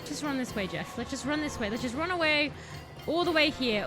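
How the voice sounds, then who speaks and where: A woman casually commenting while she live-streams a video game, chatting to the boss she fights and bursting into excited yells. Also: sits high, fairly quick, hardly any pauses. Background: game music.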